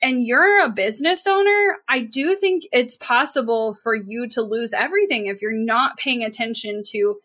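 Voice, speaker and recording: A woman co-hosting a casual podcast chat. Her voice sits a little high, and she talks earnestly and with emphasis. She drops in plenty of filler words as she makes her point. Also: normal speed, hardly any pauses, fairly bright tone. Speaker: podcast co-host.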